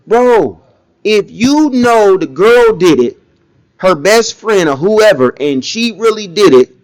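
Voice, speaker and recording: A man talks in blunt, animated commentary and slips into mocking impressions as he goes. His voice sits a bit high for a man. The recording is dry and close, with almost no room sound. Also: slow, no room sound. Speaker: commentary vlogger. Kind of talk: casual opinion commentary.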